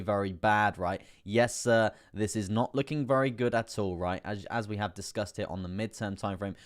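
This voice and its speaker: A man hosting a live trading stream, chatty and rambling with many fillers, laughing often and getting excitable as prices move. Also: lowish voice. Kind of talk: live stream market commentary.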